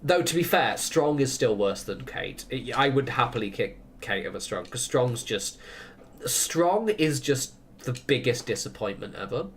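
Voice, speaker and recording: A man chats through a game stream in a loose, rambling way. He lets his opinions run into long tangents and laughs often, speaking at a middling pitch. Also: very animated, unhurried, slight background noise. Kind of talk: casual chat while gaming.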